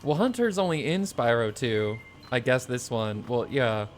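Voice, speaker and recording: Lively sarcastic man playing a game. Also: mid-range voice, a little slow. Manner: sarcastic, rambling, swears when annoyed. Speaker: let's play streamer. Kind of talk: casual gameplay commentary. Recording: faint game music behind.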